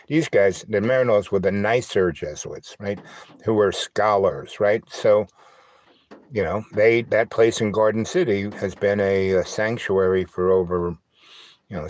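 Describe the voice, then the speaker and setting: A man hosting a casual livestream on an old phone, talking in a halting, rambling way full of fillers and "right?", with a slight lisp and twang. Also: mid-range voice, no room sound. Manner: halting, filler-heavy, asks "right?" often. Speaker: livestream host.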